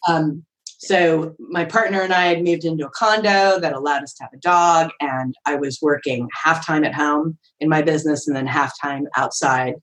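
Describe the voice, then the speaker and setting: Animated lower-pitched woman telling a story. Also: moderate pace, low-quality recording. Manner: animated, acts out voices with big pitch swings; chatty, frequent fillers like "like" and "right?". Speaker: podcast guest. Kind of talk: casual storytelling.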